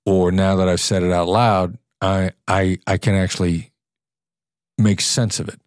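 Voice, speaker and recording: A man with a very low, deep voice talks through his ideas in an earnest, explanatory way, now and then demonstrating tones of voice. The sound is dry and close, with no room echo. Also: level tone, a little slow, smooth. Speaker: podcast guest, former FBI negotiator. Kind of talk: conversational interview.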